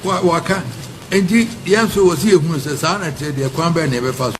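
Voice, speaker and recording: A man making a formal, pleading public appeal to chiefs at a gathering, with halting restarts. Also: a little high, animated. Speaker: speaker addressing chiefs at a public forum. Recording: noisy ambience behind the voice.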